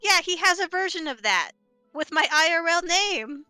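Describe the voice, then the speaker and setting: A woman's voice: very high-pitched, lively intonation, normal speed, pushed and bright, dry recording, soft background music. A woman with a nasal voice, chatting and joking casually while co-hosting a game stream. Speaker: streamer, co-host. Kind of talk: casual gaming chat.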